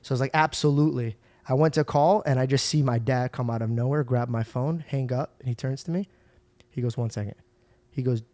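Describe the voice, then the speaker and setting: A young man hosting a podcast, telling stories in a casual, animated way. He swears and acts out the people in his stories. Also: medium pitch, quick pace, no echo. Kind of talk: casual storytelling chat.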